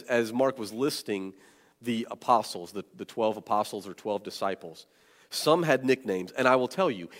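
Guy pastor preaching, chatty and jokey, lots of ums, big church reverb trailing off. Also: mid-range voice. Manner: animated, joking asides; many fillers and restarts. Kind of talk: sermon. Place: church sanctuary. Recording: long church hall reverb.

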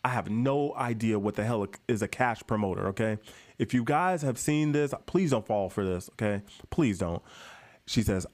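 A man's voice: fairly low pitch, normal speed, a little mellow. A man vlogging to camera in a casual, emphatic way. He keeps calling his viewers guys and repeats points for stress.

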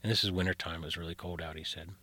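Rambling low-voiced man telling stories. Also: steady tone, racing, pushed and bright, no room sound. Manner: rambling, full of fillers and restarts. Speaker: guest storyteller. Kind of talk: casual spoken storytelling.

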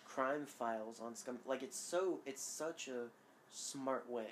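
A woman from Georgia co-hosting a podcast in casual chat, animated and laughing often. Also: very deep voice, slow pace, slight background noise. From Georgia, USA. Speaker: podcast co-host.

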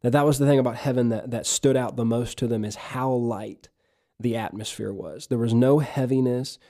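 Dark-voiced man preaching on a podcast. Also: medium pitch, fairly even intonation, normal speed. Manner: exhorting, urges listeners to repeat phrases aloud. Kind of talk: podcast sermon with guided breathing.

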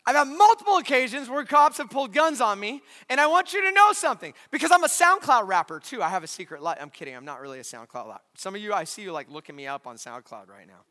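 A man's voice: sits high, fast, few pauses, long reverb tail. A male pastor preaching a sermon in a large church, telling a story animatedly and acting out voices. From California. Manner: animated storyteller, acts out voices, shouts at climaxes.

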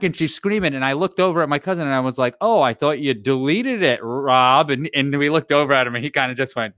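A man spins a rowdy tale in casual podcast chat, his pitch sitting in the middle of the range. He gets animated and throws his voice up when he quotes others. The sound is close and dry. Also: brisk, no room sound. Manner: animated storyteller, acts out quotes loudly.

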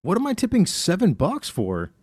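A man's voice: high voice, normal speed, slightly rough, no echo. A man co-hosting a casual comedy podcast, telling anecdotes and acting out other people's voices, with lots of swearing. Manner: animated, acts out voices in anecdotes, heavy swearing. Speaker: podcast co-host.

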